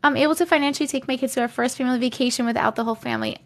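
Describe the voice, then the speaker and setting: A woman's voice: high-pitched, very fast, few pauses. A woman in her thirties hosting a casual live stream, bubbly and chatty, greeting viewers by name and reading their comments aloud into a desk mic. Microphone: desk condenser mic.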